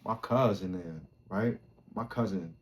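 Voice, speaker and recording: A man's voice: deep voice, measured pace. Slangy New man telling a story. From Brooklyn, New York. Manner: slangy, rambling, animated, swears a lot. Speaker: podcast host. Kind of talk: casual storytelling.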